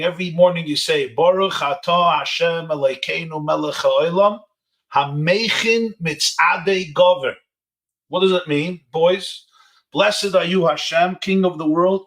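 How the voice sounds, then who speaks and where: Over a webinar video call, a male rabbi encourages teenagers through stories that mix in Hebrew and Yiddish words. His voice is slightly high and a bit bright.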